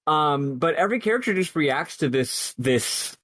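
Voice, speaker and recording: A man's voice: a little high, animated, moderate pace, fairly bright tone, dry recording. Rambling thoughtful man, dry sound. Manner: thoughtful, rambling with many fillers. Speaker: podcast co-host. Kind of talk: casual discussion.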